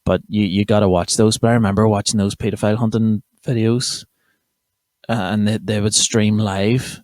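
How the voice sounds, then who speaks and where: This studio-quality, dry clip features a young man from County Armagh, Northern Ireland, hosting a comedy podcast. His fairly low voice is steady and a little mellow, moving at a moderate pace through a rambling, sweary, self-interrupting monologue.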